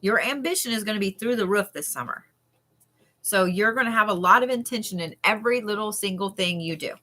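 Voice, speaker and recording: A woman doing a chatty, animated live-stream card reading as a tarot reader. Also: mid-range voice, a little fast. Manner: chatty and animated, with frequent laughs and yawns.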